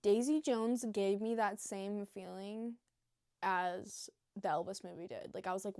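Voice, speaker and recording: A young woman talks straight to camera in a loose, unscripted vlog, rambling and gushing with plenty of filler words and swearing. Her voice sits at a middle pitch for a woman. The sound is close and dry, with no room echo. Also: normal speed, creaky, darkish tone. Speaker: new vlogger. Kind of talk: casual unscripted vlog chat.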